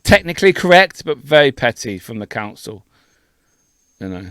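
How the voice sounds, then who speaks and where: A man's voice: mid-range voice, big pitch swings, normal speed, fairly bright tone, smooth, no room sound, clean studio sound. A man co-hosting a podcast, ranting indignantly and swearing freely in casual chat. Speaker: podcast co-host.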